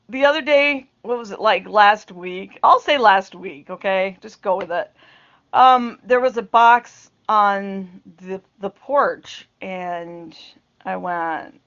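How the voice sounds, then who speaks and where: A woman's voice: medium pitch, fairly bright tone, dull audio. A middle-aged woman talking to camera in a rambling, casual way, often breaking into laughter and trailing off into asides. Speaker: vlogger. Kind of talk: casual chat.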